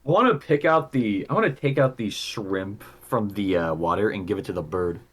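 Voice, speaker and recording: A man with a husky, fairly low voice chats in a laid-back way during a tabletop game. His pitch moves a lot, and he often murmurs to himself. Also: expressive, moderate pace, a bit bright. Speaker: player. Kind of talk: casual chat.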